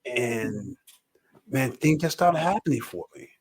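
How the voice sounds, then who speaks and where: A man, a podcast guest telling a story with animated energy and acting out the lines he quotes. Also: medium pitch, unhurried, a crowd in the background, low-quality recording. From Mississippi. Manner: repeats and acts out his own quoted lines.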